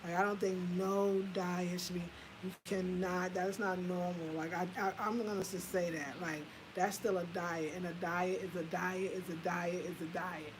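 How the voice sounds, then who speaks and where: A woman in her fifties telling a personal story in a candid, animated way, swearing casually and laughing at herself. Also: lowish voice, normal speed, hardly any pauses, noisy background. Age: 50s. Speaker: home design vlogger.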